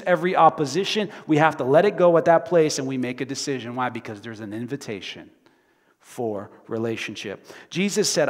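A male pastor preaching a sermon dramatically, swinging from loud to hushed. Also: a little high. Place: church sanctuary. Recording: reverberant church sanctuary.

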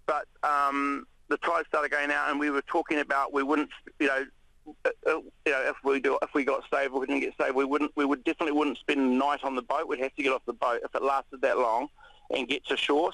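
A New Zealand man, a radio interview guest, recounting an ordeal in a halting way with many restarts. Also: medium pitch, creaky, no room sound, rough recording. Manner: halting, many restarts, animated when retelling shouts.

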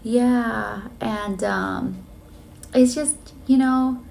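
Earnest woman vlogger, gravelly edge. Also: on the high side, wildly swooping pitch, very slow, darkish tone, a little hiss or hum. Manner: earnest and emotional, many fillers. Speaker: flight attendant vlogger. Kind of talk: casual storytelling vlog. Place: hotel room on a layover.

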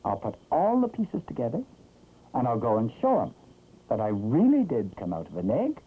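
A man's voice: medium pitch, huge pitch swings, moderate pace, husky. A man voicing a small, earnest male baby chick in a 1960s cartoon, talking eagerly and hopefully. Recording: muffled, hissy 1960s film soundtrack.

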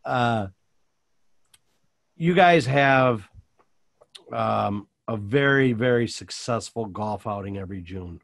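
A man's voice: fairly low pitch, animated, takes it slowly, creaky, long pauses, a bit bright, no room sound. A man hosting a panel discussion, asking rambling questions in a chatty, self-deprecating way. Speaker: host.

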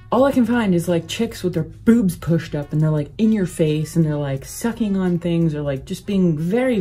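A woman with a low voice chats casually and rambles as a beauty vlogger, dropping "like" into every other phrase. Soft music plays faintly under her talk. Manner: chatty, rambling, lots of "like" fillers. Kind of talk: casual chat while doing makeup.

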